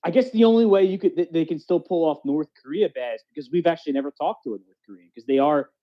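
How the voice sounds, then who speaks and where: A man's voice: on the high side, quick pace. A man co-hosting a podcast in casual chat, rambling loosely and often asking "you know what I mean". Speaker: podcast co-host. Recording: dull lo-fi audio.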